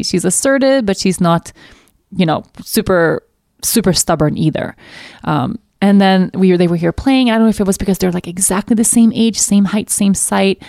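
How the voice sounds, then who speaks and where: Low, gravelly woman musing candidly. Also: a little mellow, no room sound, studio quality. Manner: candid, thoughtful, restarts often; casual, occasional swearing. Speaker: podcast host. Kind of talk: reflective solo podcast talk.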